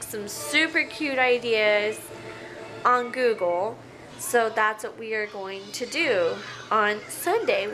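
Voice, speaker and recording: A woman vlogging casually at home, chatty and excitable. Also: fairly high pitch, rough recording. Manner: chatty, excitable, sing-song baby talk to her pets. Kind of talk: casual home vlog chat. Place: living room at home. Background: TV show with cheering audience playing.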